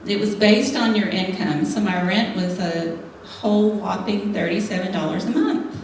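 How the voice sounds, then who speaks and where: A medium-pitched voice with a darkish tone and moderate pace belongs to a middle-aged woman telling a humorous personal story to a church audience of women. She laughs frequently. A distant mic in an echoey hall picks up slight background noise.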